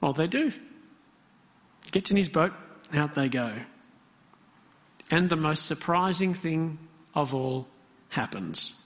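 A man's voice: on the high side, animated, takes it slowly, long pauses, a bit bright. A man preaching a sermon, talking conversationally and putting questions to the congregation. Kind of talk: interactive sermon. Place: church hall. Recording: long hall reverb.

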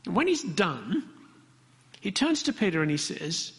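Male preacher, conversational and questioning, slightly high voice, echoing hall. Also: sing-song, measured pace, pauses often, fairly bright tone. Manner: conversational, asks the congregation questions. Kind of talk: interactive sermon. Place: church hall. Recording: long hall reverb.

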